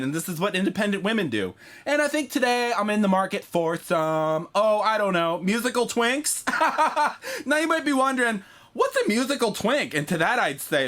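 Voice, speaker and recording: A man voicing a brash, crude young woman who boasts while hunting for boyfriends online. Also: a bit bright. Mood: boastful. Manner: crude, boastful, shrill and mocking. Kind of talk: comedy sketch character.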